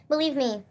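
Giggly high-voiced woman streamer. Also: a little mellow. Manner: giggly, rambling, talks while eating. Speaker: livestreamer. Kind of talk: casual livestream chat.

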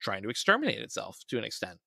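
A man's voice: fairly low pitch, huge pitch swings, fast talker, vocal fry, sharp tone, no echo, clean studio sound. A man, a podcast guest, telling a story in casual conversation and raising his voice when quoting people.

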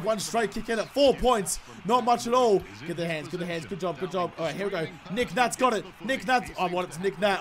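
High-voiced man shouting over gameplay. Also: noisy background. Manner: swears freely, swings between shouting and muttering. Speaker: gaming YouTuber. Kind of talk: excited gameplay commentary.

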